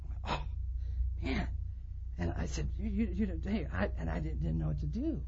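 A man who is a pastor, telling a story in a sermon to a conference with animated delivery, swinging between quiet and loud. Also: on the high side, fast talker, gravelly, lo-fi sound, slight background noise. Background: audience laughter.

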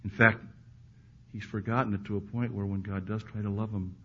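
A male preacher delivering a sermon to a live congregation, dropping to hushed, intimate lines and then rising to loud, emphatic ones. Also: lowish voice, flat delivery, a little fast. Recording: muffled recording with faint background hiss.

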